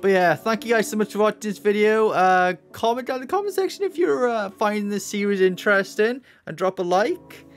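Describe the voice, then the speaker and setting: A gamer commentating a horror game, shrieking and swearing in panic at the scares, then muttering quietly while working out puzzles. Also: mid-range voice, expressive, brisk, hardly any pauses, soft background music. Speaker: let's play gamer.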